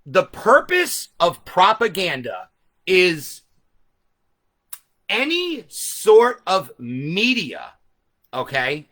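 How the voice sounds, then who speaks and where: Loud, animated man explaining to viewers. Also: high-pitched. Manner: speaks loudly. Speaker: host. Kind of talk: live stream talk to viewers. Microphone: camera set back from him.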